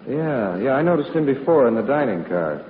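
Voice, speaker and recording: A man's voice: medium pitch, sing-song, a little fast, a little hiss or hum, lightly acted. An actor playing an easygoing, wry male acquaintance on a train, in a 1940s radio comedy. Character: casual male fellow passenger, friendly acquaintance. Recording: thin phone-like old radio sound, echoey.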